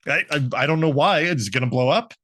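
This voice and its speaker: A man's voice: fairly high pitch, animated, fairly quick, a bit bright. A man co-hosting a podcast, recapping a cartoon episode in a rambling, laughing way, swearing and acting out lines. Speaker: podcast co-host.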